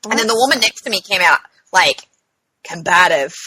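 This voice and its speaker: A bright-voiced woman co-hosting a casual podcast, telling a story at an easy pace. She acts out what others said with sudden jumps up in pitch and swears freely. Close, dry sound. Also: lively intonation, a little fast, slightly rough, no echo, rough recording. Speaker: podcast co-host. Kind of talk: casual chat.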